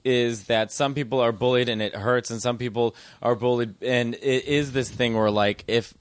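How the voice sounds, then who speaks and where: Man, comedian guest, animated and rambling explanations, mid-pitched voice, dry close studio mic. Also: moderate pace, smooth, no echo. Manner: animated, explaining at length with restarts. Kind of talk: casual podcast chat.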